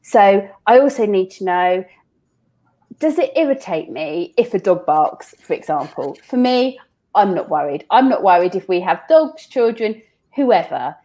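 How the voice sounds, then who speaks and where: A woman's voice: mid-range voice, very animated, a little slow, warm tone. A woman in an interview, explaining how she works with people, with a chatty manner full of restarts and repeated words. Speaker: business owner guest. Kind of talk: casual interview talk.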